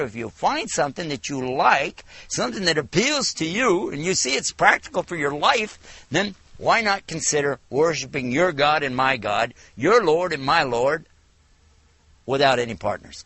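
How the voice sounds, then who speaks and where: A man from the United States giving a televised religious lecture, telling stories with animated, acted-out dialogue. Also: a little high, normal speed, husky, no room sound. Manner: animated storytelling, acts out dialogue. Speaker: Islamic lecturer.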